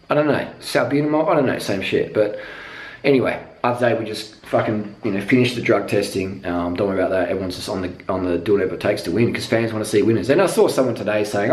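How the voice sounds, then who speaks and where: Swearing man, echoey room. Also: medium pitch. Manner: profane, rambling, emphatic repetition. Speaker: cycling vlogger. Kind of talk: unscripted monologue rant.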